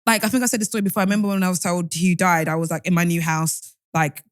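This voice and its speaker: A woman's voice: on the low side, steady tone, fast talker, dry recording, clean studio sound. A young woman, co-hosting a podcast in candid, rambling casual chat. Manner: rambling, candid, restarts often. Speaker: podcast co-host.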